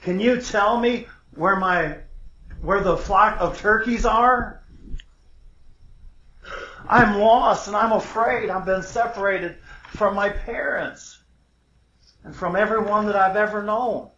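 A man's voice: high voice, takes it slowly, pauses often, sharp tone, exaggerated voice. A man voicing a young lost eagle who believes he is a turkey, speaking earnestly and plainly in a folksy storytelling way. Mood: pleading. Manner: earnest, wide-eyed, folksy. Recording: roomy, dull lo-fi recording.

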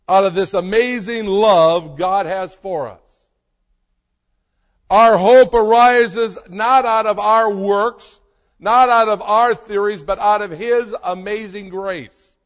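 A man preaching a sermon as a pastor, slow and emphatic, with dramatic pauses. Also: high voice. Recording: long reverb of a hall.

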